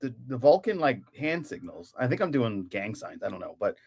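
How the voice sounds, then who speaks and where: A man hosts a casual live-stream show, his pitch leaping around as he giggles through chat comments. His voice sits at a middle height, playful and loose. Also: normal speed, slightly rough. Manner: animated, giggly, reads chat comments aloud. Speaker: podcast host.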